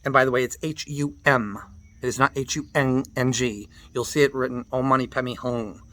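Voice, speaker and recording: A man teaching mantra practice, patiently explaining and spelling out pronunciations, chanting the syllables slowly, with loose fillers and restarts. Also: mid-range voice, fairly even intonation, fairly bright tone. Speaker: meditation teacher.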